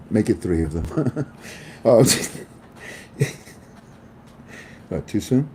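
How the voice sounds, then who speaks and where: A man hosting a casual monologue in an animated manner, laughing often and acting out voices. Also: medium pitch, husky. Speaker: host.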